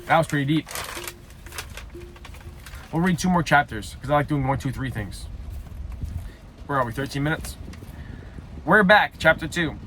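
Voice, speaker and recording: A young man reading a story aloud haltingly, breaking off for loud self-mocking side comments. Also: fairly high pitch, lively intonation, a little hiss or hum. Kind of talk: casual read-aloud with joking asides.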